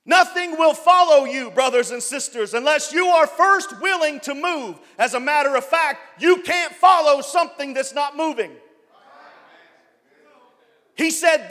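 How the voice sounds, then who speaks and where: A man preaching a sermon as pastor, building up to loud shouted passages. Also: very high-pitched, expressive, a little slow, big-room sound, some chatter behind. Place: church.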